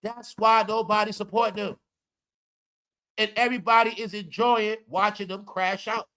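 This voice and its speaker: Brief: male commentary streamer, high and bright, animated, lecturing his audience. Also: normal speed. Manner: animated, preachy, talks straight to viewers. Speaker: commentary livestream host. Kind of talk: casual live commentary.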